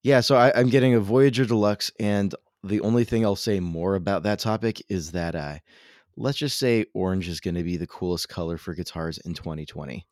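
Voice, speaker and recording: A man's voice: deep voice, brisk, darkish tone, no room sound, clean studio sound. A man hosting a podcast who has just woken up, laid-back and eager in casual chat. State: just woke up, voice not warmed up. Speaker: podcast host. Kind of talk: casual chat with sponsor read.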